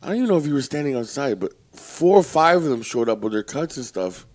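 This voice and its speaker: Blunt, profane former bouncer telling stories. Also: male voice, medium pitch, big pitch swings, fast talker. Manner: blunt, profane, tells tough-guy stories. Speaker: podcast co-host, former bouncer. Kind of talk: casual storytelling chat.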